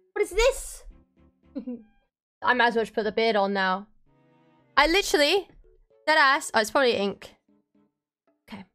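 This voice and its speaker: A young woman in her twenties streaming gameplay, giggly and excitable, swearing freely as she comments. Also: sits high.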